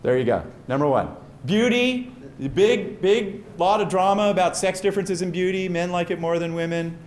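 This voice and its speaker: Middle-aged male lecturer, bit high-pitched, animated and joking with the room. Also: moderate pace, slight background noise. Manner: enthusiastic, joking, quizzes the audience. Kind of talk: lively scientific talk.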